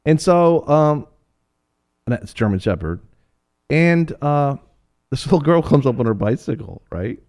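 A man's voice: a little high, a little slow, pauses often. Laughing middle-aged man telling a story. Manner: animated, laughing, acts out voices in stories. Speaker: co-host. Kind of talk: casual storytelling chat.

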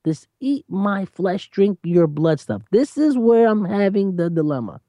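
An animated preacher who talks emphatically in conversation, laughing between points and slowing down to stress key phrases. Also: mid-range voice, no room sound, studio quality. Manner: lively, emphatic, repeats "you know what I'm saying".

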